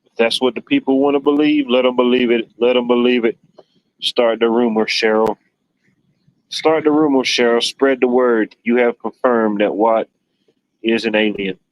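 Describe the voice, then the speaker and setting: A man's voice: medium pitch, steady tone, moderate pace, no room sound, rough recording. Male livestream host, casual and rambling, jokey; dry close-miked voice. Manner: rambling, joking, lots of "you know". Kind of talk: casual chat.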